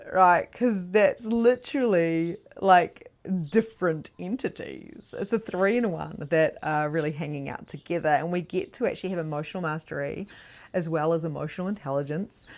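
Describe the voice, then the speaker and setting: Leading a live online mediumship masterclass, a woman whose voice sits on the low side tells chatty, animated stories, breaking into frequent laughs and peppering her speech with "like."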